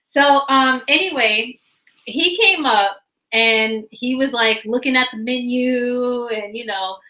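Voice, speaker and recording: A woman telling a funny personal story in a casual, animated way, laughing often and using lots of fillers. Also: a little high, takes it slowly. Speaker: vlogger. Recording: roomy echo.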